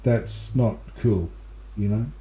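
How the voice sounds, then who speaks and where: Casting: Australian male co-host, warm low-key tone, roomy echo, loose and rambling. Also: takes it slowly. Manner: relaxed, rambling, repeats words. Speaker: regular co-host. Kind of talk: casual podcast chat. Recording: echoey room.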